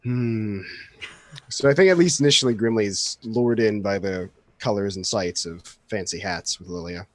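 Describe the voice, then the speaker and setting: A man's voice: fairly low pitch, normal speed, no room sound. A man playing a tabletop game, thinking aloud in a playful way about his character's choices. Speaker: player. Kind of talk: casual tabletop play.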